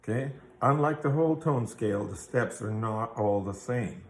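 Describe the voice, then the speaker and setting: A man's voice: mid-range voice, moderate pace, roomy sound. A man teaching a guitar theory lesson, explaining patiently step by step and checking in with the listener. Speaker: music teacher.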